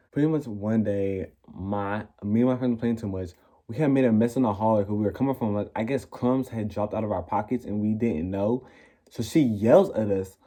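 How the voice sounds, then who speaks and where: A young man vlogging, telling a school story in a casual, sassy, animated way and acting out what people said. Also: lowish voice, brisk. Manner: animated, sassy, acts out quoted lines.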